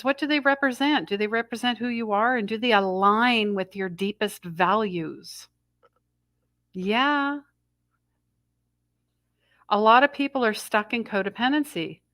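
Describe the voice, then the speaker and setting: A woman's voice: fairly high pitch, a bit bright, dry recording. Middle-aged woman host, spiritual live talk, rambling and self-interrupting, dry close sound. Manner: rambling, self-interrupting, channels messages she hears. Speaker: intuitive astrology host. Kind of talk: live spiritual energy update.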